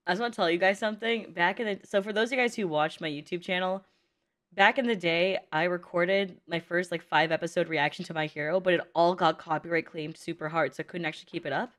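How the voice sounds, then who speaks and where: A young woman chatting casually as she reacts to an anime movie, emotional and slangy, quick to laugh and tear up. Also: fairly low pitch, fairly even intonation, a bit bright.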